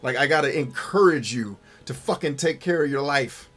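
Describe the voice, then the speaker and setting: A man's voice: mid-range voice, moderate pace, fairly bright tone, faint music behind. A man hosting a gaming livestream, ranting bluntly and with swearing while reading chat messages aloud. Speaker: gaming show host. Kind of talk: livestream gameplay commentary and chat.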